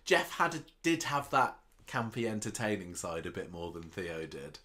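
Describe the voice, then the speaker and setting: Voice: sits low, sing-song, normal speed, a bit bright. A co-host in a casual chat about a soap, who laughs easily and adds playful asides. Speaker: podcast co-host.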